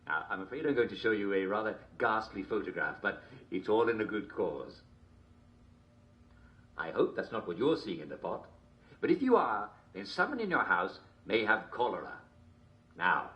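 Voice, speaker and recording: A cheery British health-show presenter in a game's radio broadcast. His bright, lively British voice stays breezy and matter-of-fact. The pitch bounces freely through his lines. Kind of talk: scripted game radio broadcast.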